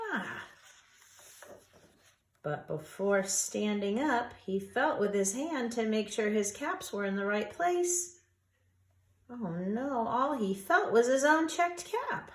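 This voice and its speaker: A woman reading a picture book aloud to preschool children, drawing out the words and inviting them to join in. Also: a little high. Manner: expressive, drawn-out, asks listeners to join in. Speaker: storyteller for a preschool. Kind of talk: children's story read-aloud. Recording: echoey room.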